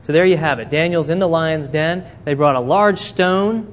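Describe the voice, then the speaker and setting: A man's voice: on the high side, normal speed. A man preaching a sermon, telling a Bible story and acting out the characters' words. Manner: animated storytelling, acting out quotes. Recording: long reverb in a hall, faint noise.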